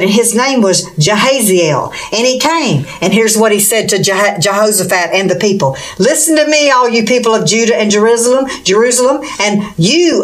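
A woman preaching a sermon with fervent, exclamatory delivery and rhetorical questions. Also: medium pitch.

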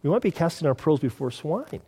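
A man's voice: on the high side, big pitch swings, a little fast, mellow, breathy edge, in a large hall. A man with an American accent preaching a sermon as pastor, in a conversational way with rhetorical questions and repeated words. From United States.

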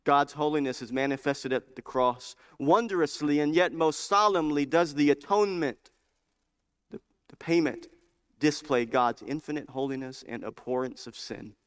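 A man's voice: fairly high pitch, normal speed, fairly bright tone, smooth. Fervent storytelling male preacher. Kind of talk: sermon.

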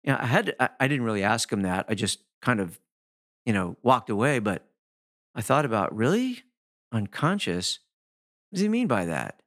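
A man's voice: mid-range voice, normal speed, long pauses. A middle-aged man hosting his own podcast as a hypnotherapist, talking casually and animatedly, sometimes acting out how people sound. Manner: animated, swooping delivery with playful demonstrations of voices. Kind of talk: casual solo podcast talk.

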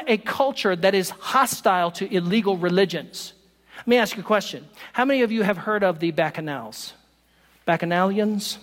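A man pastor giving a sermon in a church, animated and humorous, acting out scenes as he goes. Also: high voice, normal speed, in a large hall.

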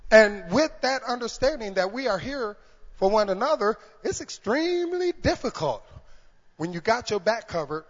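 A man preaching a sermon in church, calling out to the congregation and swinging from hushed talk to shouting. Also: sits high. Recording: reverberant hall, dull lo-fi sound.

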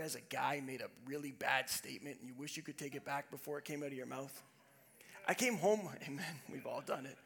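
A male pastor preaching a sermon, telling a self-deprecating story with animated, humorous delivery. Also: fairly high pitch.

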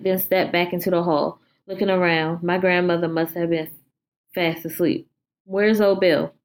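Low-voiced woman reading a horror story. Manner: informal, stumbles and swears while reading.

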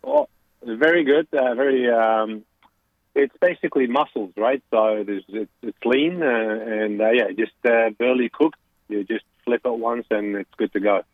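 A man with an Australian accent, calling in to a radio chat show and talking haltingly with many fillers and restarts. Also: mid-range voice, no room sound. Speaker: caller. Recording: tinny phone line.

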